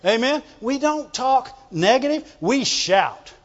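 A very high-pitched man preaches an emphatic sermon, often breaking into shouts and calling on the congregation to answer him. His voice rings with a long reverb through a large church sanctuary. The sound is dull and muffled. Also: expressive, takes it slowly.

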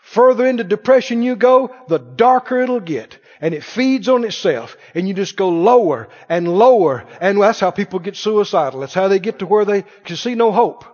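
A man's voice: high-pitched, lively intonation, moderate pace, few pauses, darkish tone. A man preaching a sermon as pastor, animatedly acting out the voices of doubting people. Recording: dull audio with long hall reverb.

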